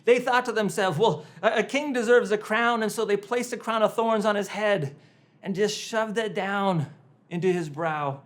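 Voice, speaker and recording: A male pastor preaching a sermon, retelling a story dramatically, rising to loud emphasis and then dropping to hushed tones, sometimes repeating words as he presses a point. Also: sits high, normal speed.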